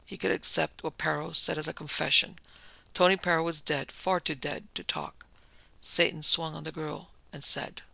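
Male storybook narrator, sharp, bright tone, flat, even delivery. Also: a little high, moderate pace, gravelly, dry recording. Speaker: audiobook narrator. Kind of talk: storybook reading of a pulp detective tale.

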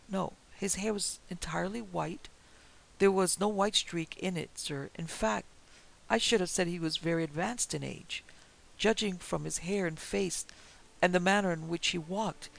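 A man voicing a gentle, white-haired elderly minister who speaks in a mild, measured, slightly apologetic way. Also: high-pitched, vocal fry, poor audio.

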